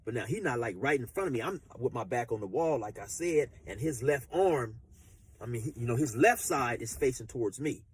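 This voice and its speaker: Husky man telling a rambling story. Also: mid-range voice, expressive, fairly quick. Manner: rambling, repeats fillers like "you know, like I say". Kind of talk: casual storytelling.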